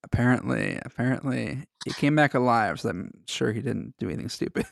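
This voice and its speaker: A man's voice: mid-range voice, expressive, fast, vocal fry, dry recording, clean studio sound. A man co-hosting a podcast, chatting casually with a joking, rambling manner and reading a story aloud. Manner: joking, rambling, laughs often. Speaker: podcast co-host.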